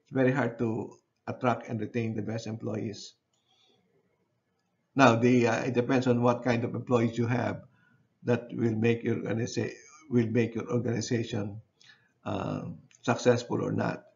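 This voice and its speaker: Man lecturing in a halting, repetitive way. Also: medium pitch, little pitch movement, vocal fry, darkish tone, muffled recording. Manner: halting, repeats phrases and checks in with "okay". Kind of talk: university lecture.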